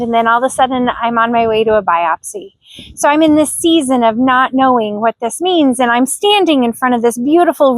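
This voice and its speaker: A middle-aged woman tells a personal story in an earnest, heartfelt way. Her voice sits high, and the sound is dry and close with almost no room around it. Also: no room sound. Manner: earnest, heartfelt, emotional at times. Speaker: vlogger.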